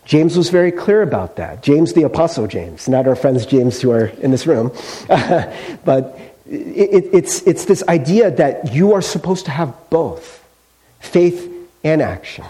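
A man's voice: a little high, big pitch swings, a little slow, warm tone. A male pastor preaching a sermon in a conversational storytelling way, with casual fillers.

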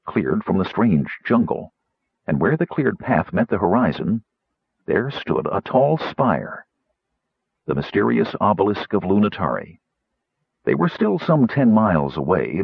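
Low, husky male narrator, expressive storytelling; dry, slightly dull recording. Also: dry recording. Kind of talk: audiobook narration.

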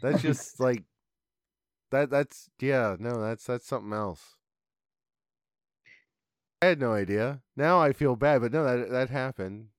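A middle-aged man co-hosting a podcast, telling a story in a rambling, halting way. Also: medium pitch, smooth, no room sound, clean studio sound. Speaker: podcast co-host. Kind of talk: casual podcast chat.

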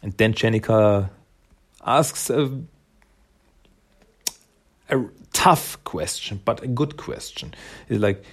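Chatty man recapping comics, husky, gravelly. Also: on the low side, slow, pauses often. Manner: chatty, laughs often, retells scenes with quotes. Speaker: comic book reviewer.

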